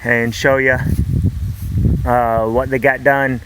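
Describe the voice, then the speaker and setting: A man's voice: medium pitch, slow. Easygoing farm guy, noisy outdoor recording. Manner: easygoing, rambling, with fillers. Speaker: farm vlogger, host. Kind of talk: casual vlog narration. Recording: outdoor camera recording with steady background noise.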